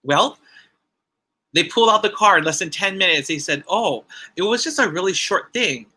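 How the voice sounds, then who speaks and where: A man's voice: high voice, expressive, normal speed, pushed and bright, husky. A man giving a personal testimony at a church ceremony, telling a story with repeated phrases and acted-out quotes.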